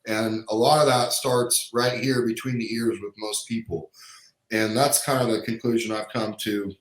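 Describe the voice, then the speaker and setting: A man's voice: lowish voice, steady tone, normal speed. A man from Kansas, a chiropractor guest on a podcast, telling frank anecdotes in a casual, conversational way. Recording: roomy echo.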